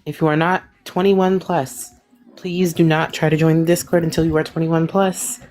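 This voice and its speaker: Low-voiced woman moderator. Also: moderate pace. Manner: friendly, relaxed reminders to viewers. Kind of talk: casual announcements.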